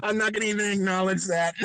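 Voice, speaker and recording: A woman's voice: mid-range voice, heavy background noise. A woman talking casually on an online group call, laughing often and swearing freely as she gushes. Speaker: podcast panelist.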